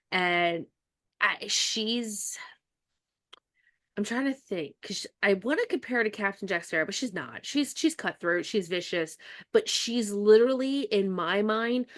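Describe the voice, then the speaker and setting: A woman's voice: mid-range voice, a bit bright. Bubbly woman author chatting with laughs. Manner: bubbly, laughing often, halting restarts. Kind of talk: casual podcast conversation.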